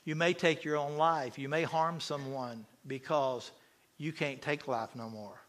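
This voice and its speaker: A man preaching an impassioned sermon, swinging from loud to hushed and asking the congregation questions. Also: fairly high pitch, fairly even intonation, unhurried.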